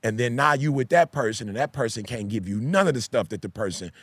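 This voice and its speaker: A man's voice: mid-range voice, expressive, fast, a bit bright, husky, no room sound. A man who is a pastor and podcast host, talking in a casual discussion with an emphatic, repetitive preaching cadence. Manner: emphatic, repeats key phrases like a preacher.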